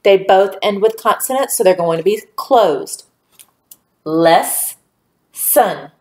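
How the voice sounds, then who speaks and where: Woman teacher giving a recorded lesson to small kids; patient and clear, mid-pitched, roomy echo. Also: warm tone. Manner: slow, clear, encouraging teacher talk to young children.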